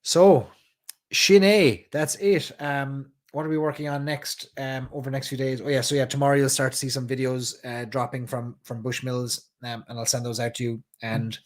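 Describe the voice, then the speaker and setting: A man's voice: medium pitch, level tone, moderate pace. An Irish man with a Cork accent, hosting a whiskey club live stream and chatting casually with viewers, rambling a little and tired late at night. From Ireland. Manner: rambling, chatty, reads viewer comments aloud.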